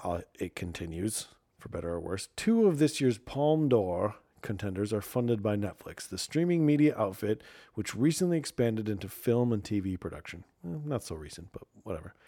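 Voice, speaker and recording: A man's voice: on the low side, big pitch swings, moderate pace, warm tone, dry recording, clean studio sound. A man hosting a casual talk show, rambling and sarcastic, reading news aloud and muttering asides. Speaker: podcast host.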